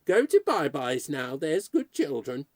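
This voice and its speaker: A man's voice: high voice, very animated, measured pace, dark tone, no echo, pitched above the performer's own voice, full character voice. A man voicing a chatty, smug old male ghost with a folksy, patronizing manner, in a storybook reading.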